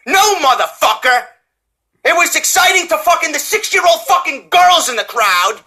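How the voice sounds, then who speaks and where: A man with a New York accent tears into the subject in a profane, mocking rant that keeps breaking into shouts. His voice sits high and bright and swings widely in pitch. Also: animated, normal speed. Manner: swearing, often shouting, mocking. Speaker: wrestling reviewer.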